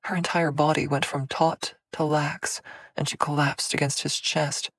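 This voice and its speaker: Low-voiced woman narrating an audiobook. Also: flat delivery, dry recording. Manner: measured, dramatic storytelling. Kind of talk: scripted narration.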